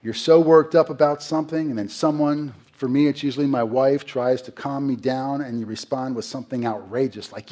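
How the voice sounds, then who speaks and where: A middle-aged male pastor delivers a sermon with a slightly husky voice. He talks to his listeners in a conversational way, asks them rhetorical questions and acts out quotes. His voice sits at an ordinary pitch for a man. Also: fairly quick, hardly any pauses, mellow.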